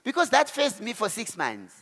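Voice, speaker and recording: Animated South African man with a high voice. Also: normal speed. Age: 40s. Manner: animated storyteller who acts out quotes and exclamations. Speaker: keynote speaker. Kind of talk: motivational talk to a live audience. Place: event hall. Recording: hall reverb.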